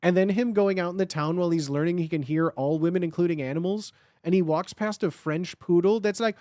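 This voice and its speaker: A man with a fairly high speaking voice chats casually on a stream. He rambles, stacking up filler words. The sound is dry and close. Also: dark tone, no room sound. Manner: rambling, with lots of filler words, and quick laughs. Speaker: guest on a livestream. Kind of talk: casual chat.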